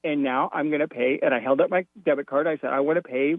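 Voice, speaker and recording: A Florida man calls in to a radio show and animatedly retells a quarrel, acting out both voices. He talks fast in a slightly high voice, over a tinny, dry phone line with no room sound.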